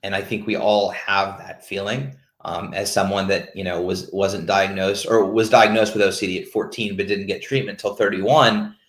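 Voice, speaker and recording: A man's voice: low voice, steady tone, normal speed, few pauses, fairly bright tone. A man hosting a peer support call who talks openly and casually, searching for words and restarting his sentences. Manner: open, searching, stops and restarts often. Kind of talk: candid casual talk. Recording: roomy echo.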